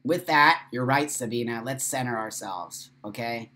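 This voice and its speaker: A man's voice: mid-range voice, normal speed, pushed and bright. A man hosting a casual livestream, talking passionately and bluntly, swearing freely and emotional after crying. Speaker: live show host.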